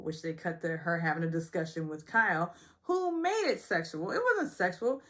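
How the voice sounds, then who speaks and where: A woman's voice: on the low side, expressive, moderate pace, hardly any pauses, a bit bright. A woman from the Southern United States recapping a reality show in a chatty, gossipy way with sarcastic asides. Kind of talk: casual recap vlog.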